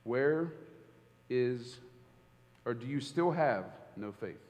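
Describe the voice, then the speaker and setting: A man's voice: mid-range voice, animated, takes it slowly, a little mellow. A man, a church elder, preaching a sermon, telling a personal story and acting out the quoted dialogue. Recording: hall reverb.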